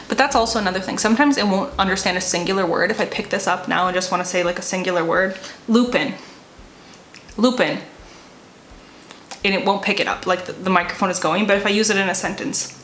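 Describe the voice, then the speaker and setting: A woman's voice: medium pitch, a bit bright, roomy sound, slight background noise, poor audio. Rambling, chatty woman vlogger. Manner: rambling, self-deprecating, laughs often. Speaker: writer and vlogger. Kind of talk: casual chat to camera.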